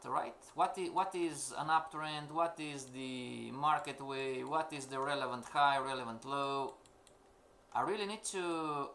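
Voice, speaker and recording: A man's voice: on the high side, pushed and bright, slight background noise. A man teaching a live-streamed trading class, emphatic and questioning, repeating his points to the students. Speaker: forex trading instructor.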